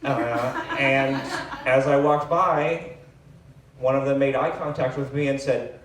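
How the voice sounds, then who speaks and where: A man's voice: mid-range voice, steady tone. Man telling stand-up stories in an echoey club. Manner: self-deprecating, rambling with fillers and quick asides. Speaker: stand-up comedian. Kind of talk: live stand-up storytelling. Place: comedy club stage. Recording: echoey room, distant mic, faint hiss.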